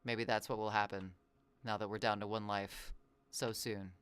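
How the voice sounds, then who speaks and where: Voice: mid-range voice, little pitch movement, a bit bright, clean tone, no room sound. Rambling, playful game streamer. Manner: rambling, playful, drifts into musing asides; reacts to chat with quick exclamations. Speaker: variety streamer. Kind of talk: casual live-stream chatter while gaming.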